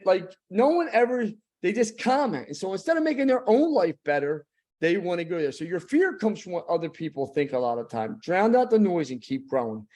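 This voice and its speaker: A middle-aged man speaking as a guest on a training call, blunt and preachy in his motivational delivery. His voice sits a little high for a man yet sounds warm and mellow. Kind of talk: motivational talk.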